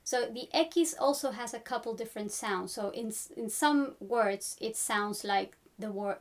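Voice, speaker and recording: A woman teaching the alphabet in an upbeat, encouraging lesson, spelling out letters slowly. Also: a little high. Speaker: language teacher. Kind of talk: friendly language lesson.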